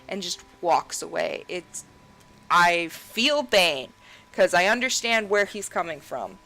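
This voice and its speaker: A woman talks slowly through her gameplay, rambling, laughing and swearing as she rants. Her voice is bright and forward, with a faint hum of noise behind it. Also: fairly low pitch, rough recording. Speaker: gaming video creator. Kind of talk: casual gameplay rant.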